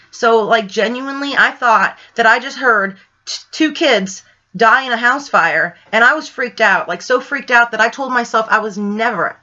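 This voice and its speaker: A woman ghost hunter telling a rambling, excitable story in a casual vlog, full of fillers. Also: on the high side. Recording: dull lo-fi sound.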